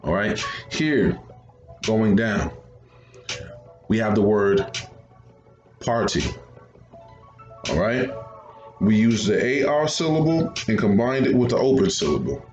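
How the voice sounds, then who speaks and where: A man's voice: on the low side, lively intonation, slow pace, pauses often, a little mellow, roomy sound, dull audio, faint music behind. A man teaching a second grade phonics lesson, patiently repeating each step.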